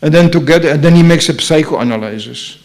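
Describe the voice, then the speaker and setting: Brief: male speaker, Slovenian accent, fairly high voice, storytelling talk with acted-out quotes. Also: quick pace. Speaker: speaker at a temple program. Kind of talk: informal spiritual talk.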